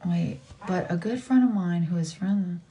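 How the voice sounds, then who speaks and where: A middle-aged woman livestreams casually from her living room, bluntly and indignantly venting about someone who keeps harassing her. Her voice is low-ish, measured, and mellow, and she talks to her child off to the side.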